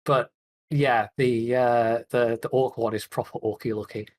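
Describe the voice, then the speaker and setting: A man's voice: mid-range voice, steady tone, measured pace. Casting: male podcast host, easygoing, talkative, laughs a lot, lets sentences trail away. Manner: chatty, laughs often, trails off. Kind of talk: casual gaming chat.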